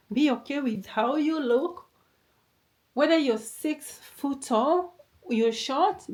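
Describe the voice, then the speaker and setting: A young adult woman with a non-native English accent and a fairly high, slightly mellow voice gives a motivational talk to camera. She speaks emphatically, repeats herself, and sometimes calls the listener darling.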